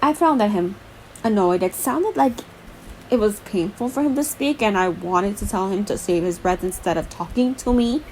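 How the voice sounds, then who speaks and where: A woman's voice: medium pitch, animated, moderate pace, a little mellow, slight background noise, poor audio. A young woman reading a novel aloud casually, breaking off with playful asides and laughs. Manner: chatty, laughs and asides between lines, playful. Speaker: reader. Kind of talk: casual novel read-along with commentary.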